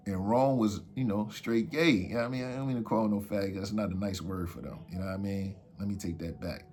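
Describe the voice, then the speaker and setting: A man's voice: lowish voice, a little hiss or hum. A man telling a story from his past in casual street slang, acting out what others said in raised voices. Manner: animated, acts out quotes in raised voices.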